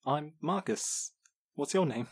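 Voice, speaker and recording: A woman voicing a shy, husky-voiced robot. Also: low voice, animated, slow pace, no echo, exaggerated voice. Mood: hesitant. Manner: hesitant, reserved. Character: shy, quiet sentient robot.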